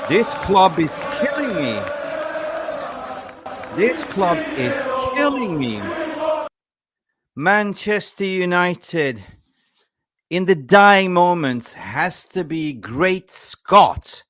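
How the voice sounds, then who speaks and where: A man hosting a football fan channel, ranting with excited emotion. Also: sits high, very slow, long pauses, crowd noise, noisy background.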